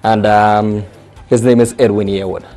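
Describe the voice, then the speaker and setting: Trini soca guy, kinda low voice, chatty, lots of restarts. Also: measured pace, soft background music. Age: young adult. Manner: lively, chatty, full of restarts and local phrasing. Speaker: soca artist guest. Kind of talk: casual interview chat.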